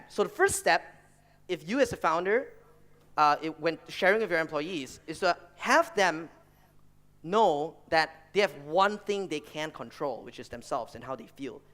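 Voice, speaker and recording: Brief: animated male speaker, high and bright, swoops a lot, storytelling to founders. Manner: animated storyteller, acts out voices, laughs often. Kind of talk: motivational talk with stories.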